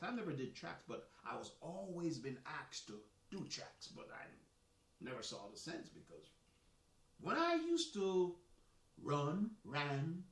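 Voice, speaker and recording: A man with a Jamaican accent hosting a soccer live stream, talking in a chatty, boastful, rambling way. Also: on the high side. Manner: animated, boastful, chatty with restarts. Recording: echoey room, mic at a distance.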